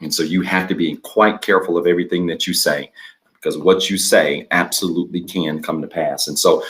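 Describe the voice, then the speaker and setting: Low-voiced earnest male church teacher. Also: steady tone, a bit bright. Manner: earnest, exhorting preacher; leads a spoken declaration, pausing for repetition. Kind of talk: livestreamed church sermon.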